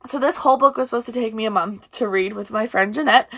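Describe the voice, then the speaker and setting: A woman's voice: fairly high pitch, fast, fairly bright tone. Chatty young woman gushing over books. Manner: chatty, gushing, trails off mid-sentence. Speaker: book vlogger. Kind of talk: casual book review vlog.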